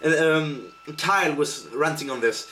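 A man's voice: on the high side, unhurried, bright, forceful tone, a little hiss or hum. A man giving an improvised rant, heated and profane, with frequent hesitations and restarts. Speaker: vlogger.

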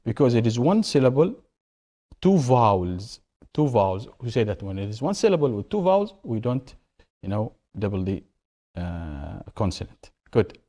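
A man's voice: mid-range voice, very animated, normal speed, dark tone. A man teaching an English grammar lesson, asking questions and answering them himself while repeating key words.

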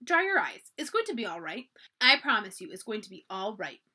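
A woman's voice: medium pitch, sing-song, fairly quick, bright, forceful tone, slightly rough, full character voice. Woman reading as a spirited, determined young girl. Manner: eager, firm and determined. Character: earnest, spirited young girl, Edwardian era.

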